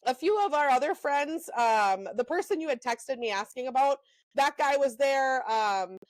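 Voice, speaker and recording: High-voiced woman telling chatty stories. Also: no echo, poor audio. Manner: animated storyteller, lots of "um" and "like", quick asides. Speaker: podcast co-host. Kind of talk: casual storytelling chat.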